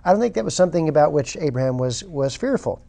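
A man's voice: a little high, animated, quick pace, creaky, warm tone. A man preaching a sermon, reading scripture aloud and stressing points with emphasis. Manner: emphatic, reads scripture aloud, repeats words when restarting.

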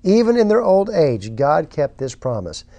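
Male preacher, gravelly voice, mellow and dark, emphatic sermon delivery. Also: on the high side, big pitch swings, moderate pace. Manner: emphatic, reads scripture aloud, repeats words when restarting.

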